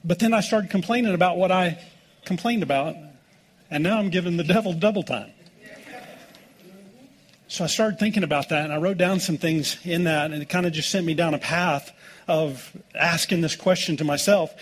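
A man's voice: fairly high pitch, normal speed. A middle-aged American man preaching a sermon as pastor, telling folksy stories with jokes. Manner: folksy, joking storytelling with laughs.

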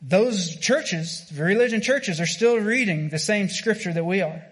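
A man's voice: high-pitched, expressive, unhurried. Casual man preaching a sermon. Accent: American. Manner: casual, conversational preaching with frequent fillers and restarts.

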